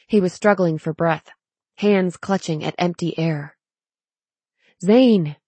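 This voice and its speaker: A woman narrating a novel as an audiobook in a measured, steady way. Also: on the low side, breathy edge, no echo. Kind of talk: scripted narration.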